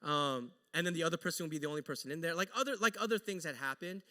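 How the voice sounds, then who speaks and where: Casting note: high, lively male pastor, casual joking sermon storyteller, echoey church hall. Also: racing. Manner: animated, joking, conversational. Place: church sanctuary.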